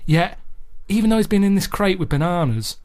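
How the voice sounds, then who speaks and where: A man musing in a flat, grumbling way during a casual radio chat. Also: high-pitched, brisk. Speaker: radio co-host.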